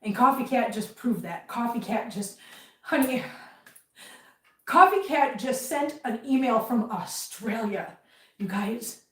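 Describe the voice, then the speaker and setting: A woman's voice: on the high side, animated, slow, a bit bright, far from the mic. Chatty woman venting off-mic. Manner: chatty, rambling, heated venting. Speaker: livestream host. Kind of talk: casual live chat while cleaning. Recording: roomy, from off-mic.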